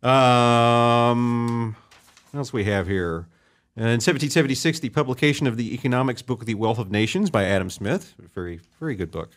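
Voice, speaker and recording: A man's voice: medium pitch, animated, normal speed. Rambling joking male host. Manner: rambling, joking, lots of fillers. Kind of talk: casual chat reading history items.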